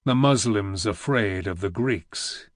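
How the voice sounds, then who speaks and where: A man voicing a deep growling old grand vizier. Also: no room sound, clean studio sound. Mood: grave. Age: older. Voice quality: very deep rumbling growl, almost a whisper. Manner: slow, grave and weighty. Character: old heavy weary Ottoman grand vizier. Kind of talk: audiobook reading.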